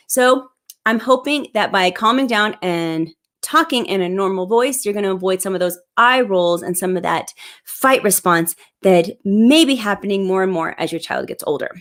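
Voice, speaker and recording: A woman in her thirties talks to her viewers on a live parenting advice show. She lays out tips in a clear, upbeat way at a mid pitch, speaking into a plugged-in microphone. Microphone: plug-in microphone.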